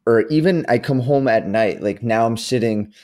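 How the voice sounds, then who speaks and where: A man co-hosting a casual podcast chat who rambles, uses lots of fillers and throws in quick asides. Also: mid-range voice, darkish tone. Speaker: podcast co-host.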